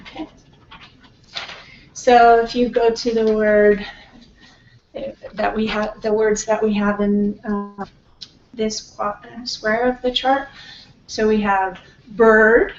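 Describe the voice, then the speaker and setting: A woman teaching a pronunciation workshop, modeling words slowly and checking in often with her class. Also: medium pitch, level tone. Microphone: distant room mic. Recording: echoey classroom from far off, dull and slightly noisy.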